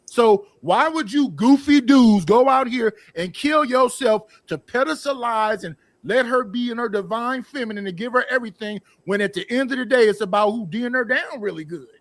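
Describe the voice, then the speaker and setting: A man's voice: very high-pitched, lively intonation, normal speed, hardly any pauses, dry recording. A man in a casual talk show debate, making emphatic, provocative points.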